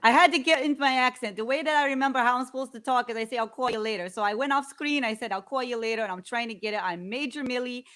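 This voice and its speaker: A woman's voice: a little high, quick pace, hardly any pauses, fairly bright tone, lightly acted. A woman playing a brash woman army major with a put-on New York accent, rambling and chatty as co-host of a comedy show. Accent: put-on New York (Yonkers). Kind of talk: improvised comedy character.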